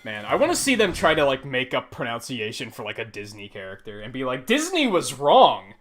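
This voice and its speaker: A man's voice: medium pitch, animated, quick pace, bright, forceful tone. A man live-streaming a video game, rambling casually and swearing often. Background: faint game music.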